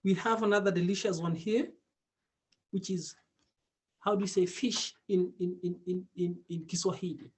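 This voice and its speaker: A man teaching a casual online Swahili lesson, repeating words slowly and laughing often. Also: high voice, fairly even intonation.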